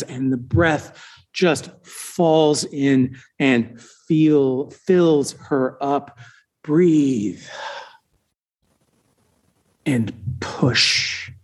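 A male preacher retelling a scripture story as a slow, dramatic sermon with long pauses. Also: a little high.

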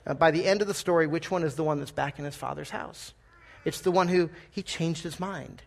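A man preaching a sermon in a church, talking conversationally, with gentle humor and frequent questions to the congregation. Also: a little high, a little fast, gravelly. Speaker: pastor. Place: church sanctuary.

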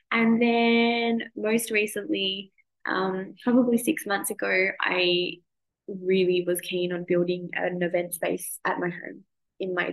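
An Australian woman in her thirties talks straight to her listeners in a loose, chatty podcast monologue. Her middle-pitched voice has a gravelly edge, and she swears freely as she goes. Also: rough recording. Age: 30s. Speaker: podcast host. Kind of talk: casual monologue.

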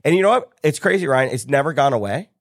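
A man's voice: on the high side, fast, no echo, clean studio sound. A middle-aged man, a business coach and podcast guest, telling a story in casual conversation and acting out the voices of the people in it. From United States. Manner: animated storyteller acting out quoted dialogue.

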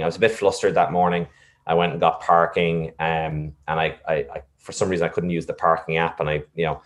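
A man reflectively telling a personal story, with many fillers and restarts. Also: sits low. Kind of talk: casual storytelling.

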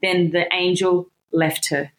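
A woman giving an expressive, emphatic Bible teaching talk in a conversational way. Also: on the low side, takes it slowly, echoey room, low-quality recording.

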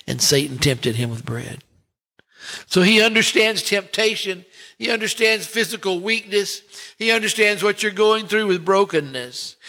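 Bright-voiced male preacher with dramatic pauses. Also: a little high. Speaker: pastor. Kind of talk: sermon.

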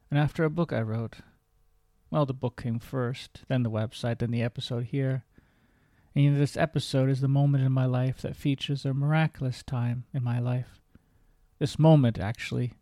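A man's voice: mid-range voice, dark tone, no echo, clean studio sound. A man hosting his own podcast, reading his memoir in an earnest, reflective way. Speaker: podcast host.

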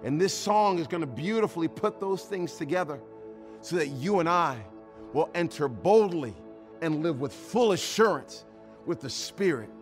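A man's voice: on the high side, animated, moderate pace, soft background music. A male pastor preaching a sermon. He tells a personal story, acts out his own past lines and builds to emphatic, repetitive preaching.

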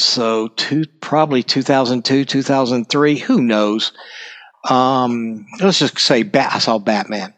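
Rambling middle-aged man hosting a podcast. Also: mid-range voice. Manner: rambling, full of ums and asides. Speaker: podcast host. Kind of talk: casual monologue.

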